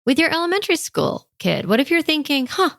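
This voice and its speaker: A woman in her thirties coaching parents in a lively, energetic way, often acting out a parent's inner thoughts and checking in with "okay?". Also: sits high, fast, vocal fry, no echo, clean studio sound.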